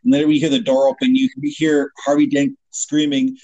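A man's voice: medium pitch, fairly quick, dry recording, low-quality recording. A man co-hosting a podcast, retelling a film twist in casual chat and acting out the quotes. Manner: animated storytelling, acts out quotes. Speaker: podcast co-host.

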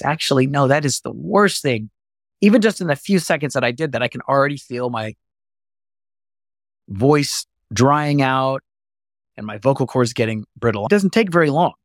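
A man's voice: medium pitch, animated, normal speed, no room sound. Earnest male voice coach, dry sound. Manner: earnest, explains with demonstrations. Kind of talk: instructional talk to camera.

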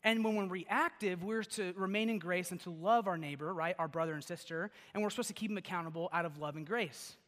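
A high-voiced young pastor preaches a casual sermon with personal stories in a church sanctuary, talking fairly quickly with hardly any pauses. He's chatty and animated, saying "like" and "okay?" a lot, and the recording carries the long reverb of a large hall.

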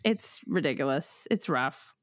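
A woman's voice: sits low, lively intonation, a little slow, no echo, clean studio sound. A woman hosting a podcast, chatting frankly and swearing casually. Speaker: podcast host.

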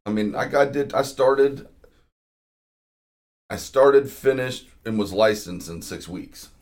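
A man's voice: medium pitch, animated, slow, darkish tone. A man hosting a podcast, chatting casually in a joking, bantering way. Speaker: podcast host. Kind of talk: casual interview chat.

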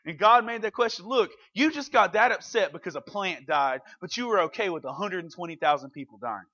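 A man's voice: high voice, animated, brisk, few pauses, sharp tone, muffled recording. A man in his thirties preaching a casual youth sermon, speaking conversationally and animatedly and acting out the quotes. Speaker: youth pastor.

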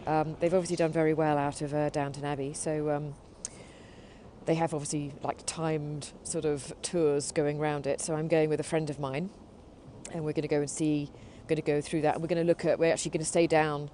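Low-voiced English woman, rambling chat. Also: little pitch movement, a little fast, warm tone, a little hiss or hum. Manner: rambling, many fillers and hedges. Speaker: host. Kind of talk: casual radio chat.

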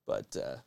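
A man hosting a podcast in casual chat, swearing freely and rambling with many restarts. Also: darkish tone. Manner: profane, rambling, frequent restarts and laughs. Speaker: podcast host.

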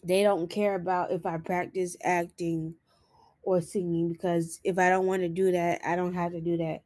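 A woman talking to camera in an earnest, self-encouraging and sometimes halting way in a personal confessional vlog. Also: fairly low pitch, little pitch movement, darkish tone, no echo. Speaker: vlogger.

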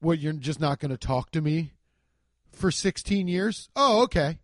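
A man hosting his own podcast from home, ranting in a rambling, profane, animated way. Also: a little high, a little slow, no room sound, clean studio sound. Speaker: podcast host. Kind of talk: solo comedic rant. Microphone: desk microphone.

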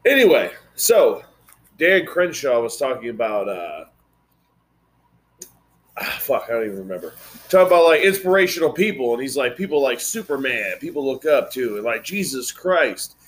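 A man's voice: medium pitch, sing-song, normal speed. A man hosting a casual podcast chat, blunt and rambling, swearing freely. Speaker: podcast host.

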